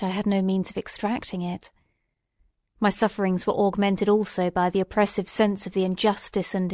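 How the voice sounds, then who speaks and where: Woman audiobook reader, measured and solemn, very dry close sound. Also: mid-range voice, darkish tone, no room sound. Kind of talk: literary reading aloud.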